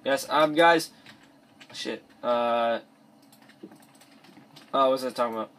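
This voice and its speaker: Slow and fairly bright, this medium-pitched male voice comes from a teenage boy giving let's play commentary in his bedroom. He rambles, restarts his sentences often and mumbles asides as he plays, recorded on a cheap mic or device mic.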